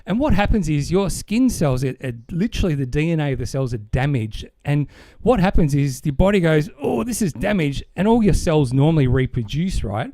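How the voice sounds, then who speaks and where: Aussie man, podcast co-host, upbeat and rambling, fairly high voice, dry close sound. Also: lively intonation, brisk, mellow, no room sound. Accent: Australian. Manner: enthusiastic, rambling explainer. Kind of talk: casual chat.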